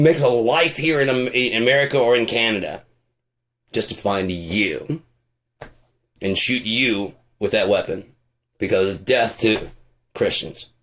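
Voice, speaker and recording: A man with a lowish voice rants off the cuff, swearing freely as he goes. He rambles from point to point, and his tone is sarcastic and mocking. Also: lively intonation, measured pace, a bit bright. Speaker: podcast host. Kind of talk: casual profane rant.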